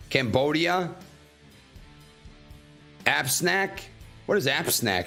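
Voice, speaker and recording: A man's voice: fairly high pitch, very animated, moderate pace, pauses often, a bit bright, faint music behind. A man from North Carolina hosting a casual livestream, reading out viewer questions and riffing on them. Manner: reads out FAQ text then riffs on it casually.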